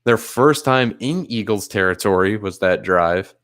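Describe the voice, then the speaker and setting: A man streaming live play-by-play commentary, narrating the game in a measured, plain way. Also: on the low side, expressive, fairly bright tone.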